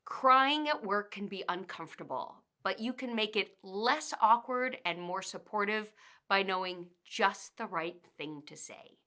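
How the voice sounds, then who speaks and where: A woman delivers workplace guidance in a crisp, bright voice. She speaks with a trainer's measured pacing and steps through her points one by one in instructional narration. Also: medium pitch, lively intonation. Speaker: workplace communication trainer and author.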